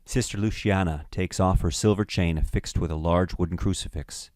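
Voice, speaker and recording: Deep-voiced man reading stage directions. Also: fairly even intonation, a little mellow, dry recording, clean studio sound. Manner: measured, matter-of-fact reading. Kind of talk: scripted narration of a screenplay.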